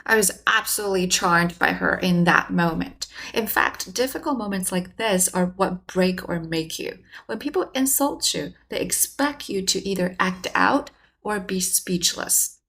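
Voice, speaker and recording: A woman hosting a communication channel, giving measured, explanatory scripted narration. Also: mid-range voice, vocal fry, a bit bright.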